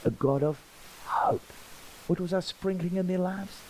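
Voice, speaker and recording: A man, a pastor preaching a sermon and acting out the dialogue of his stories with lively energy. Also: sits high, unhurried, slight background noise, rough recording. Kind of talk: storytelling sermon.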